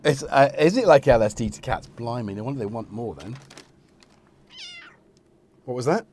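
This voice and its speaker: A man's voice: mid-range voice, expressive, normal speed, darkish tone, slight background noise. A middle-aged man hosting a casual live stream, rambling and joking while he talks to his cats.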